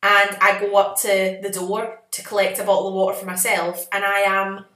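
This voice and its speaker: A woman's voice: medium pitch, normal speed. Sassy woman podcaster in echoey room. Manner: animated, sassy, self-mocking. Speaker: podcast co-host. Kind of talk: casual storytelling chat.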